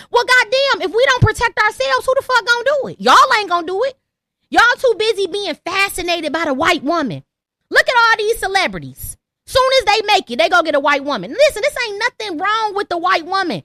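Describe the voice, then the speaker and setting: A very high, lively woman's voice hosting a call-in podcast, emphatic and full of rhetorical questions. She speaks with a bright, sharp edge. The sound is close and dry. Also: brisk, no room sound. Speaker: podcast host. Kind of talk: heated call-in podcast commentary.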